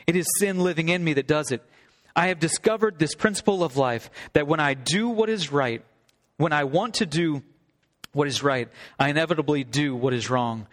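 A male pastor delivering a sermon, reading scripture aloud and then expounding on it earnestly. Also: on the high side. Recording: long hall reverb.

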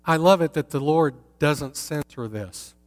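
A man's voice: fairly high pitch, unhurried. A man teaching from the Bible in a conversational way, putting rhetorical questions to his listeners. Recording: long reverb in a hall.

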